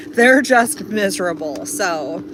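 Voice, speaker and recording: A woman's voice: medium pitch, lively intonation, slow pace, heavy background noise. A young woman rambling through a casual story from inside her van, full of fillers, restarts and little laughs. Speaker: vlogger.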